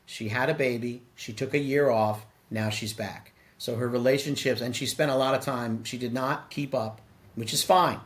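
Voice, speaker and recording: A man's voice: medium pitch, fairly even intonation, moderate pace. A middle-aged man, a podcast guest, talking casually and animatedly, acting out quoted dialogue as he tells stories. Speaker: podcast guest, sales executive. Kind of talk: casual interview conversation.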